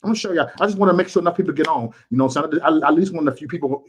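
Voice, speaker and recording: Man, fired-up livestream rant, higher-pitched voice, hammers points over and over. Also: very fast, a little hiss or hum. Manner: impassioned, repetitive, emphatic. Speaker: YouTube livestreamer. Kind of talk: ranting livestream to chat.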